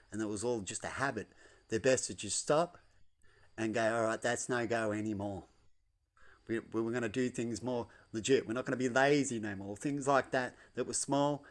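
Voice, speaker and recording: A man talking loosely at home, repeating himself and tagging lines with "right?". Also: medium pitch. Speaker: vlogger. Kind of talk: rambling casual monologue. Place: at home indoors.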